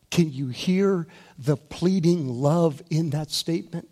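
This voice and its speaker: A male preacher giving a sermon, moving between hushed, gentle passages and loud, rising emphasis, drawing out key words slowly. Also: a little high. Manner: slow, deliberate delivery with drawn-out key words.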